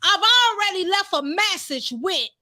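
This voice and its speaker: A woman preaching an impassioned sermon, fervent and rising to shouts. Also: very high voice, lively intonation, measured pace, no room sound, clean studio sound.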